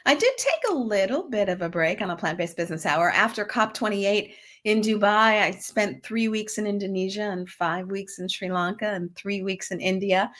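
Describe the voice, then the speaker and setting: Woman host, chatty and upbeat, interview podcast, mid pitch. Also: moderate pace, fairly bright tone.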